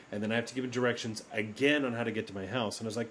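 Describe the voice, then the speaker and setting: A man's voice: medium pitch, fairly even intonation, rapid-fire, a bit bright, a little hiss or hum. A man co-hosting a podcast, telling his own stories in casual chat and quoting people in them. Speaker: podcast co-host.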